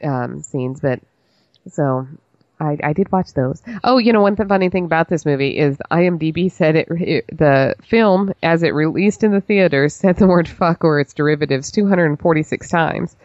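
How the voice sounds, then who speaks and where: A woman's voice: low voice, moderate pace, a little mellow, dry recording, highs cut off. A woman co-hosting a podcast over a video call, chatting casually in a rambling way with many fillers. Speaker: podcast co-host. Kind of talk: casual chat.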